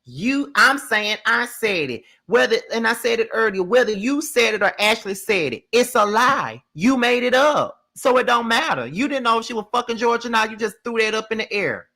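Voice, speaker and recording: A woman's voice: fairly high pitch, lively intonation, normal speed, hardly any pauses, bright, forceful tone. A woman giving a casual live review of a reality show, blunt, profane and exasperated, repeating her points for emphasis.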